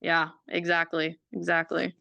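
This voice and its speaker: Smooth-voiced young woman, relaxed chat. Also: on the low side, unhurried, no echo. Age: young adult. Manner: repeats words, fillers, laid-back. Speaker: college athlete guest. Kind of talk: casual interview chat.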